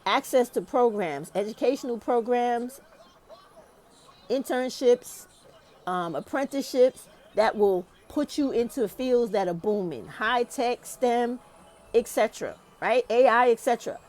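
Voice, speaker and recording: A woman's voice: on the high side, expressive, a little slow, a little mellow. A woman delivering a heated, profane opinion rant as a YouTube commentator. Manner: profane, ranting and emphatic.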